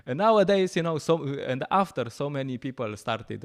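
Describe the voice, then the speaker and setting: A man leads a scripture class, telling stories with animated energy. He laughs often and searches for words with many fillers. His voice sits at an ordinary middle pitch. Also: unhurried. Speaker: lecturer at a temple program.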